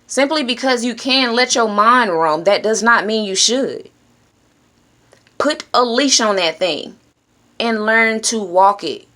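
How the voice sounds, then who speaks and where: A woman giving an earnest, encouraging self-help talk straight to her viewers. She speaks directly and plainly, now and then dropping into hushed shushing. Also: fairly high pitch, expressive, slow pace. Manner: drops to a hushed whisper when shushing. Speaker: vlogger.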